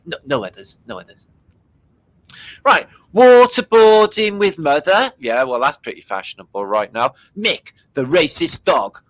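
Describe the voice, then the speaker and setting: A man's voice: mid-range voice, expressive, normal speed, a bit bright, no room sound, rough recording. A man hosting a livestream, making sarcastic jokes and slipping into silly voices. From Britain. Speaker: livestream host. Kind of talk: casual mocking commentary.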